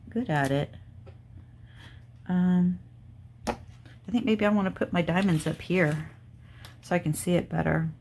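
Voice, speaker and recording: Middle-aged female crafting host, slightly low voice, chatty and rambling, talks to her viewers while she works. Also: little pitch movement, normal speed, pauses often, darkish tone, a little hiss or hum. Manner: chatty and rambling, thinking aloud. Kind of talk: casual chat while diamond painting.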